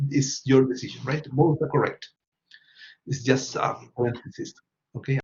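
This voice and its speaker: Slow, patient male teacher. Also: medium pitch, dull audio. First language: Spanish. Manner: patient, repeats questions and prompts students. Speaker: English teacher. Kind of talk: classroom English lesson.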